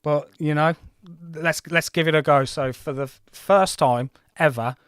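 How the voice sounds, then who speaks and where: A man's voice: a little high, a little slow, a bit bright, smooth, no room sound. Chatty man in his forties, dry sound. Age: 40s. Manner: chatty, rambling, self-deprecating. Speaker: gaming livestream host. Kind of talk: casual livestream commentary.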